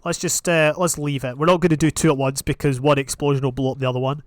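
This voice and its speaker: A young man giving casual, rambling commentary on his own gameplay, with sudden excited outbursts. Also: a little high, fast, dry recording. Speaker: gaming channel host.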